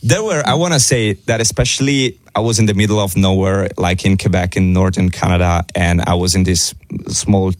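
A man's voice: deep voice, fairly quick, no echo. A man from Italy with an Italian accent, a non-native English speaker, chatting as a radio guest. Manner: laughing, animated storytelling. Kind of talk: casual radio chat.

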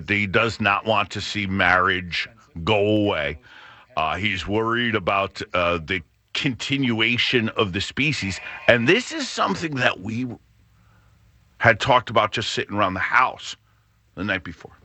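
A man's voice: on the low side, pushed and bright. A middle-aged man hosting a radio talk show, rambling casually with frequent restarts.

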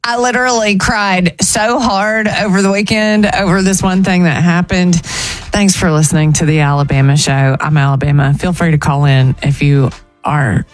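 A woman's voice: lowish voice, steady tone, normal speed, no echo, soft background music. A young woman hosting a morning radio show, chatting in a gushing, emotional way from the studio. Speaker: radio host.

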